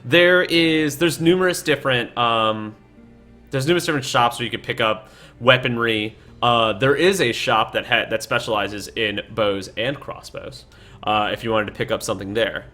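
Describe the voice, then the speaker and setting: A man narrating a tabletop game as the dungeon master, rambling and casual, with frequent fillers and offhand swearing. His voice is bright and forward, with faint music playing behind him. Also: mid-range voice, normal speed. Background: faint game soundtrack.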